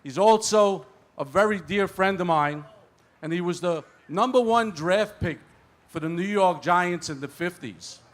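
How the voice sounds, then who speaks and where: A man with a high voice introduces an award winner. He mixes praise with light jokes as he speaks. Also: measured pace. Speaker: award presenter.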